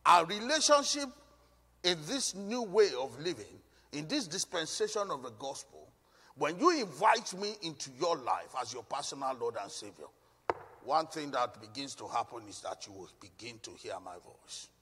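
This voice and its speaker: A man's voice: on the high side, sing-song, moderate pace, pushed and bright, slightly rough, big-room sound. A male pastor preaching a sermon, emphatic and given to repeating phrases.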